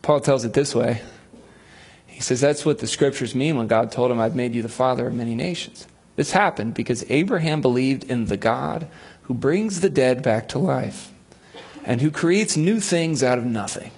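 Husky-voiced man preaching with humor. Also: mid-range voice, normal speed, darkish tone. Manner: storytelling, acts out voices of biblical figures with humor. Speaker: pastor. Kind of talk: sermon.

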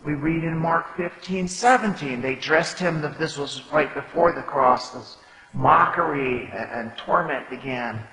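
A man's voice: on the high side, unhurried, bright, forceful tone. A man preaching a sermon, explaining scripture in a conversational way and reading verses aloud. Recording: echoey hall with long reverb.

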